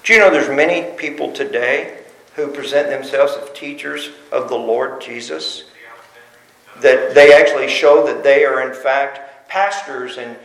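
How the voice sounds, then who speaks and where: A man's voice: mid-range voice, a little slow, a bit bright. A man preaching a sermon as pastor, emphatic and full of rhetorical questions. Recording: roomy echo.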